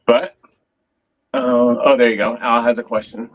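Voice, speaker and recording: A man's voice: mid-range voice, level tone, measured pace, lo-fi sound, slight background noise. A man hosting a casual fishing show, chatting loosely, swearing now and then, and showing off his rod and reel. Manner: laid-back, swears casually, shows gear on camera. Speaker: host. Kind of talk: casual fishing livestream chat.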